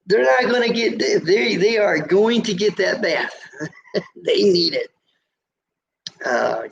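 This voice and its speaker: A middle-aged trucker hosting his own live stream, with a gravelly voice that sits high. He talks in a folksy, teasing way and turns preachy about road safety. The sound is dull and lo-fi. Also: a little hiss or hum. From USA. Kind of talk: casual live-stream chat, reading viewer comments.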